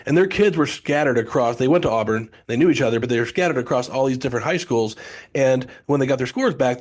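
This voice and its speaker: A middle-aged man, a test prep company founder, telling long stories with quick asides and restarts in a casual podcast interview. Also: medium pitch. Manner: chatty storyteller, many restarts and asides.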